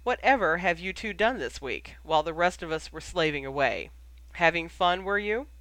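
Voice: mid-range voice, animated, normal speed, a bit bright, no echo, low-quality recording. An audiobook reader voicing an impulsive, hot-tempered grown man who speaks demandingly. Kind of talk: audiobook character voice.

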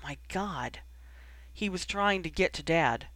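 A reader voicing a shaken young man frozen in dread, speaking slowly, quietly and with strain. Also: mid-range voice, lively intonation, dry recording.

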